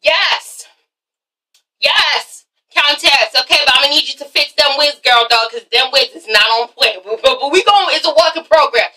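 High bright sassy woman vlogger. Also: distant mic, low-quality recording. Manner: sassy, animated, swears freely, acts out the cast members in quick voices. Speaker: vlogger reviewing a TV show. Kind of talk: casual reality-TV recap.

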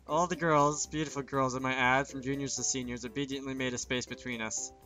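A man's voice: mid-range voice, fairly even intonation, a little fast, few pauses, pushed and bright, soft background music. A man reading a visual novel aloud in first person, dropping joking asides between lines.

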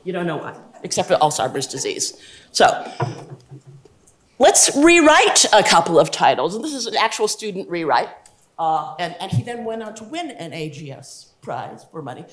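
A woman giving a humorous lecture on science communication as a guest speaker, animated and jokey, acting out quotes. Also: fairly low pitch, normal speed. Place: lecture hall. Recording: roomy hall echo.

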